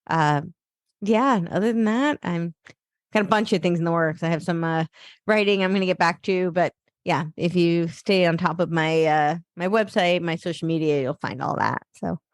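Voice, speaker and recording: A woman's voice: lowish voice, moderate pace, no echo, studio quality. A woman guest on a podcast who talks casually and loosely, with many fillers and restarts. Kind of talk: casual interview talk.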